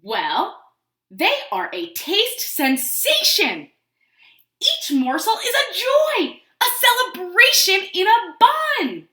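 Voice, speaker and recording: A woman voicing an excitable, greedy male pigeon from a picture book, who squeals over his food and then guards it stubbornly. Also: very high-pitched, very slow, echoey room, voice pushed up, exaggerated voice. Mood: gushing.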